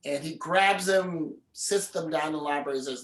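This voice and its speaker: Male filmmaker guest, animated storyteller, in a reverberant lecture hall. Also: a little high, moderate pace. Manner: animated, acts out the characters. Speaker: film director and guest speaker. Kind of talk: storytelling in a live conversation. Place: university event hall.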